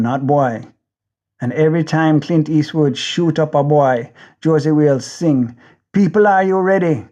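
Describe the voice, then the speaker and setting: A man's voice: fairly high pitch, mellow, lo-fi sound. A man with a Jamaican accent narrating an audiobook in the first person, intense and rhythmic, with driving repetition.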